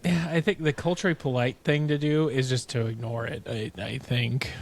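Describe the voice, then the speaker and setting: A man's voice: medium pitch, fairly even intonation, moderate pace. A man co-hosting a podcast, reading listener comments aloud with dry humor. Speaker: podcast co-host.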